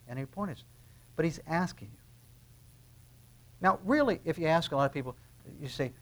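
A man preaching a sermon in a conversational way, acting out little dialogues and swinging between quiet asides and loud emphasis. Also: mid-range voice, expressive, fairly quick. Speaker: pastor.

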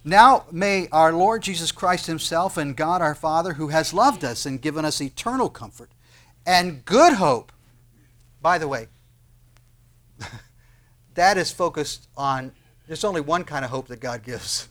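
Animated preaching man, high voice. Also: measured pace. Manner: animated preaching, rhetorical questions, voice rising for emphasis. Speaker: pastor. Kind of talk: sermon.

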